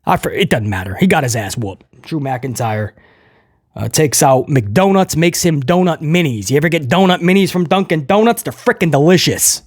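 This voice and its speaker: A man's voice: fairly high pitch, no echo, studio quality. A man giving a casual, opinionated wrestling show review, rambling with jokey asides.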